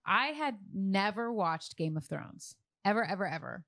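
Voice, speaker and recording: A woman's voice: mid-range voice, expressive, moderate pace, a bit bright, dry recording, studio quality. A woman in her thirties co-hosting a casual podcast, chatty and upbeat, laughing easily. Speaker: podcast co-host. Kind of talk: casual chat.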